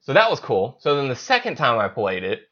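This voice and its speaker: A man's voice: mid-range voice, wildly swooping pitch, brisk, sharp tone, lo-fi sound. A man co-hosting a podcast, chatting casually, easygoing and joking. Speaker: podcast co-host. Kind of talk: casual chat.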